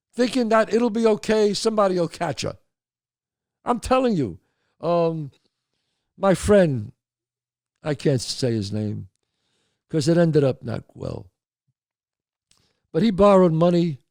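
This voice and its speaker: A man's voice: high voice, a little mellow, dry recording, studio quality. A man, hosting a show and telling a long story while acting out his friends' voices. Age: 60s or older. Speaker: host. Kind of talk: storytelling monologue.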